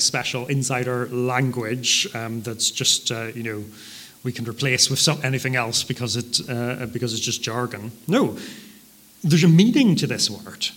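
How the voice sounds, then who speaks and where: A man preaching a sermon, explaining a passage in a measured teaching manner, with occasional fillers and stressed repetitions. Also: mid-range voice, pushed and bright.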